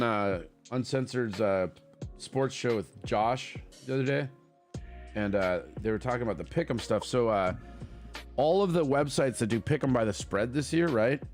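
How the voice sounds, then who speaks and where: A man hosting a podcast, chatting casually in a loose, profane, joking way, sounding a bit congested. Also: mid-range voice. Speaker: podcast host. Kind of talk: casual chat.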